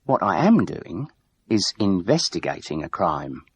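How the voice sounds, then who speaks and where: A man voicing a composed older widowed woman who speaks in a measured, polite and quietly firm way. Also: low-pitched, big pitch swings, slightly rough, no room sound, muffled recording, heavily acted. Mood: offended.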